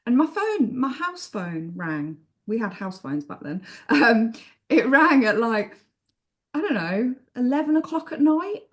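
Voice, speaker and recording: An English woman telling stories as a guest author in a casual interview, chatty and expressive. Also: medium pitch. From England. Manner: chatty and expressive, many restarts.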